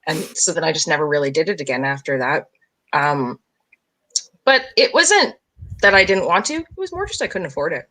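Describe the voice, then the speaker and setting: A woman with a fairly low but bright, forward voice chats casually as a podcast guest. She is loose and self-deprecating, and she leans on fillers as she goes. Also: expressive, brisk, rough recording. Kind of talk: casual chat.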